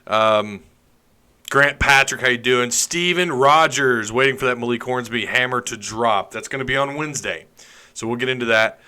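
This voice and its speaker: Bright-voiced joking stream host, a man. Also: medium pitch, moderate pace, clean tone. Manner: joking, sarcastic, chatty. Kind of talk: casual live stream chat, reading comments.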